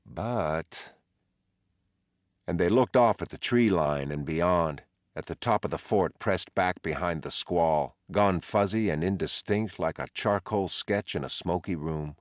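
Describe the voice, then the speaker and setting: A man reading a novel aloud in a measured, low-key narration. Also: no echo, clean studio sound. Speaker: audiobook narrator. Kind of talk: scripted narration.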